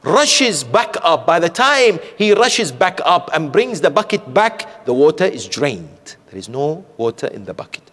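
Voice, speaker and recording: A sheikh preaches from the pulpit of a community centre hall, telling stories and often putting rhetorical questions to the audience, with long hall reverb on the recording. His voice is on the high side and a bit bright, with big pitch swings, and he speaks unhurriedly with hardly any pauses.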